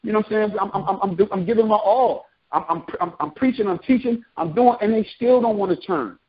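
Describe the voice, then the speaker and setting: Speaking briskly in a high voice with a breathy edge, this man preaches on the street, alternating verse readings with slangy asides. The sound quality is lo-fi.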